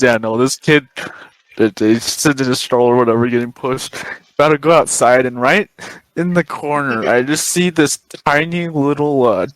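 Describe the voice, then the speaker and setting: A young man co-hosting a casual podcast, telling a story in a rambling, halting way and laughing often. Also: mid-range voice, no room sound, poor audio. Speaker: podcast co-host.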